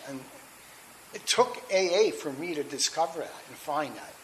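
At a recovery meeting, a middle-aged man gives a candid, rambling personal testimony full of restarts and fillers. His voice sits on the high side, expressive and bright-ish at a normal speed, though the audio is poor with a faint hiss.

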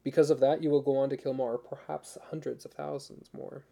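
A man reading as an exhausted young woman in labor, quietly defiant. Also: medium pitch, fairly quick, gravelly. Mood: quietly determined. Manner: soft, steady, firm.

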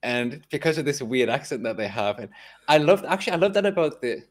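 Talking fast and with animation in a medium-pitched voice, this North East Englishman carries the accent of the Tyneside coast. He's chatting casually on a podcast and keeps beginning his sentences over.

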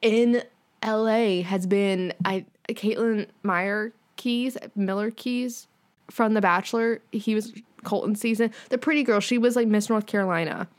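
A woman's voice: mid-range voice, measured pace. A woman co-hosting a podcast in casual chat, talking freely with lots of fillers and casual swearing. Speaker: podcast co-host.

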